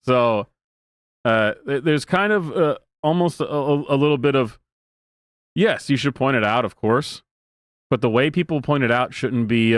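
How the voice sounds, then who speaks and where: A man's voice: medium pitch, unhurried, no room sound. Sarcastic man in his thirties, dry close mic. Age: 30s. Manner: sarcastic, mocking, laughs often. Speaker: streamer reacting to clips. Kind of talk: casual live-stream commentary.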